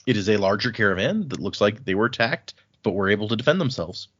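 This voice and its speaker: A man co-hosting a podcast, casually recapping book chapters and paraphrasing the characters' lines in an animated way. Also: lowish voice, fast talker, slightly rough, highs cut off. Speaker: podcast co-host.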